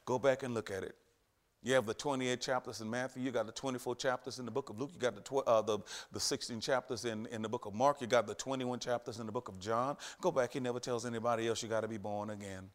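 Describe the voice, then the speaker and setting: A man preaching a sermon, emphatic and repetitive, with sudden loud rises. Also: mid-range voice, fairly even intonation, fast.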